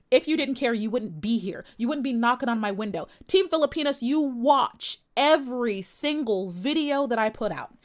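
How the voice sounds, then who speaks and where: A woman's voice: a little high, expressive, brisk, hardly any pauses. Sassy confrontational woman livestreamer. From United States. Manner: sassy, confrontational, emphatic repetition. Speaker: livestream host. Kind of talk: live stream chat commentary.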